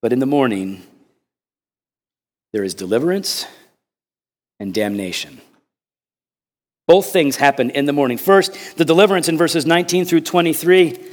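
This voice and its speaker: A man preaching a sermon as pastor, swinging from loud emphasis to hushed tones and repeating words when he presses a point. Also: on the high side, lively intonation, normal speed, pauses often.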